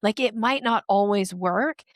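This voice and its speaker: A woman sales strategist speaking as a podcast guest, explaining in a lively way and acting out the voices she quotes. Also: medium pitch, measured pace, no echo, clean studio sound.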